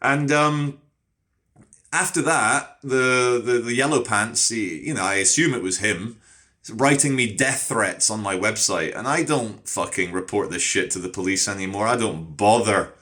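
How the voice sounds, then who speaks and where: Bright-voiced, swearing English man. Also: fairly low pitch, a little slow. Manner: animated storyteller who swears a lot. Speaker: street streamer. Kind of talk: casual monologue to camera.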